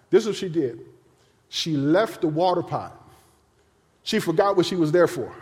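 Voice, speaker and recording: A male pastor preaching a sermon in a colloquial, animated way, acting out the voices of the people he talks about. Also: on the high side, moderate pace, pauses often. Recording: long hall reverb.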